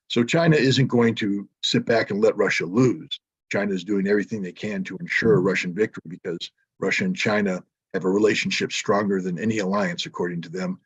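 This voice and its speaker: A man answering questions as a panel speaker at a press conference, measured and often pausing with fillers. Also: low-pitched, breathy edge. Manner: measured, frequent filler hesitations.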